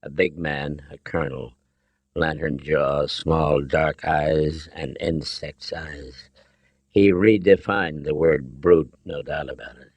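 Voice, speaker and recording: A man narrating an audiobook in a measured, deliberate way. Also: rumbling low, steady tone, dry recording. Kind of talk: scripted narration.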